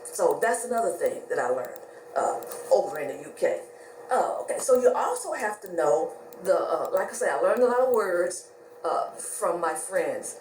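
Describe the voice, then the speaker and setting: Animated woman telling a story. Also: fairly low pitch, normal speed, a little hiss or hum. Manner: animated, acts out both sides of conversations. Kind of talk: casual storytelling. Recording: roomy, distant mic with faint ambience.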